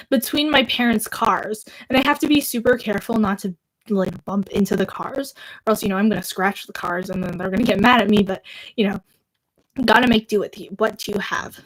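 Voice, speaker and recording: A young woman chatting casually on a livestream, replying to viewer comments and laughing often, with lots of "like" fillers. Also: fairly high pitch.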